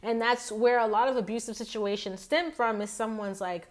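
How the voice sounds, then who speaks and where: Woman tarot reader, higher voice, rambling and chatty, talks straight to her viewers. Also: fairly even intonation, normal speed, hardly any pauses. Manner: chatty, rambling, many fillers and restarts. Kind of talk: casual tarot reading vlog.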